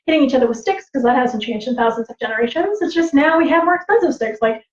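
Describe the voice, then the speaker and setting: A woman storyteller and teacher on a livestream, animated and laughing, acting out voices as she tells stories. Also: high voice, quick pace. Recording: roomy, slightly dull livestream audio.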